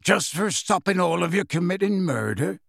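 A man voicing a big, gruff gamekeeper who answers testily and bluntly. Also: on the high side, sing-song, measured pace, dry recording, studio quality, voice pushed up, exaggerated voice. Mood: testy. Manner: testy, scathing, blunt.

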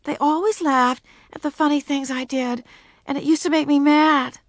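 A woman's voice: high-pitched, fairly even intonation, normal speed, no room sound, studio quality, pitched above the performer's own voice, lightly acted. A woman voicing an earnest, nosy older sister in a storybook reading. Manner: earnest and serious.

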